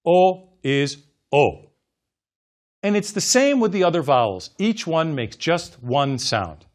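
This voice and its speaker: Slow, lively-voiced male language teacher. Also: fairly high pitch. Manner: slow, careful, exaggerated enunciation for repetition drills. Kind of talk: scripted language lesson narration.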